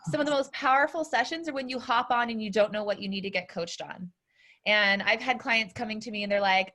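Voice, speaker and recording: A woman's voice: on the high side, a little fast, bright, forceful tone. A woman co-hosting a business training call, giving upbeat, encouraging announcements and explaining steps to members. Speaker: business coach and co-host.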